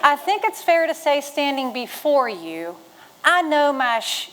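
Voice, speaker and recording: Speaking from the stage, this somewhat high-voiced, middle-aged storyteller from western Virginia's Shenandoah Valley wins her listeners over with folksy humor, much as a retired Marine would rouse a room of veterans. She talks at a measured pace with a sing-song lilt, over heavy background noise.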